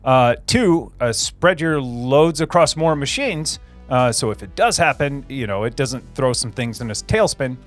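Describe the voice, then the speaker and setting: A man's voice: mid-range voice, expressive, measured pace, soft background music. A man hosting a casual livestream, chatting with viewers and rambling through answers with many fillers and repeated phrases. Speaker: livestream host.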